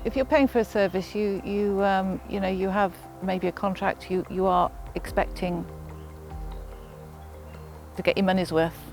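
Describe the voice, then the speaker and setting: A woman speaking earnestly in a documentary interview, pausing to search for her words. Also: medium pitch, fairly even intonation, a little mellow. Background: music.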